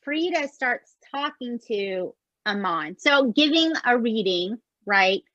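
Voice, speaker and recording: A woman co-hosting a podcast, chatting in an expressive way and often asking "right?". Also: on the high side, slow pace, no room sound, lo-fi sound. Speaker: podcast co-host. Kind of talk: casual chat recapping a show.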